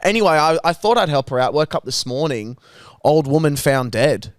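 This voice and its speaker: A young man on a podcast mic, talking in a blunt, sweary storytelling way. His voice sits a little high and comes through smooth and clear. The sound is dry and close. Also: normal speed, no room sound. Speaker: podcast co-host. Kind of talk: casual banter.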